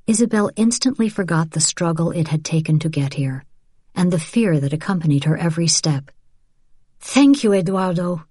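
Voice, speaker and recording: A woman reading a novel aloud as an audiobook narrator, in even, measured storytelling. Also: deep voice, slightly rough, no room sound, clean studio sound. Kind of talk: scripted narration.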